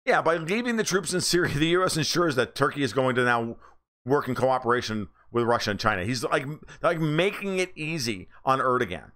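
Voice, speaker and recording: A man's voice: lively intonation, a little fast, fairly bright tone. A man from the United States hosting a political livestream, reading chat comments and answering them in a blunt, sarcastic and profane way. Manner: mocks others in high squeaky voices.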